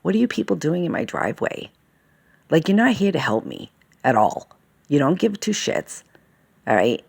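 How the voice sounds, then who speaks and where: Gravelly-voiced woman ranting. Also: low-pitched, sing-song, normal speed, a little mellow. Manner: rambling, agitated, swears often; fillers and self-interruptions, asks "okay?" and "all right?". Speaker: vlogger. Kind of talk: casual monologue.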